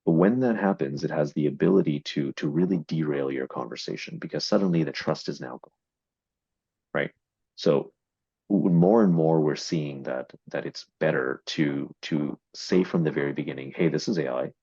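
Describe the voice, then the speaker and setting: A man's voice: very deep voice, moderate pace, vocal fry, dark tone, husky, no echo. A man explaining AI marketing in a business discussion, with many fillers and repeated words. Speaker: AI investment marketing executive. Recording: dull, dry lo-fi audio.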